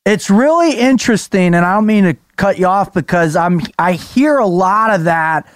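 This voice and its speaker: High-voiced man asking probing questions. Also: lively intonation, moderate pace, no room sound, studio quality. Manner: probing, conversational. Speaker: podcast host. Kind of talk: interview questions.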